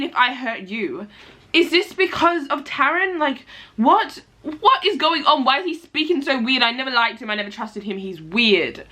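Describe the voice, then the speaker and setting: A young woman vlogging her reading, chatty and excitable, gasping and exclaiming as she reacts. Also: sits high. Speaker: book vlogger. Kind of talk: casual reading vlog reactions.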